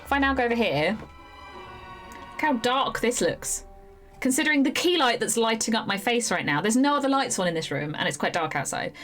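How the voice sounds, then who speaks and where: A woman's voice: a little high, lively intonation, fairly bright tone, faint music behind. A woman from the United Kingdom, a live streamer and voiceover artist, chatting casually and rambling with frequent laughs. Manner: chatty, rambling, laughs often, slips into quick impressions. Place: home room at night.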